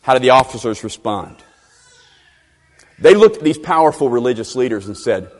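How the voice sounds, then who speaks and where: A male preacher in mid-sermon, emphatic and animated, who repeats key phrases for stress. His medium-pitched voice moves up and down a lot. A long reverb trails each line, as in a large hall. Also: moderate pace. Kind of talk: expository sermon.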